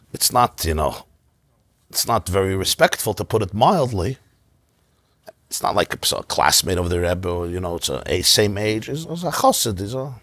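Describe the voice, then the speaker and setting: Rabbi giving a relaxed class; husky, dry, conversational, animated asides. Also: male voice, lowish voice, no echo. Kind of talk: informal Torah class. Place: synagogue.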